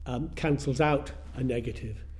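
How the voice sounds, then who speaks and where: A man preaching a sermon in a measured way, repeating phrases for emphasis. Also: mid-range voice, a little mellow.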